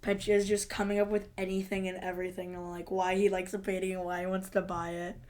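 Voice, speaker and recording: A woman's voice: mid-range voice, level tone, fast talker, a little mellow, slight background noise. A woman co-hosting a podcast in casual chat, laid-back and often laughing along. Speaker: podcast co-host.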